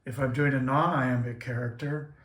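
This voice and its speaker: A man calmly teaching Morse paddle keying in a plain, methodical way, with frequent pauses. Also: medium pitch. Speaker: ham radio operator teaching Morse keying. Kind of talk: casual how-to demonstration. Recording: echoey room with faint noise.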